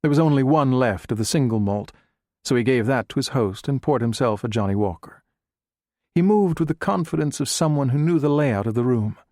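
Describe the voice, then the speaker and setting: With a mid-range voice, a man narrates an audiobook, keeping his scripted storytelling measured and even. No room sound intrudes on the studio-quality audio.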